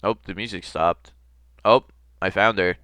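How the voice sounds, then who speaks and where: A man's voice: sits low, fairly even intonation, a little slow, sharp tone, soft background music. A young man playing through a game on video, reading its text aloud with jokey asides. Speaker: gamer. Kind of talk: let's play commentary and text reading.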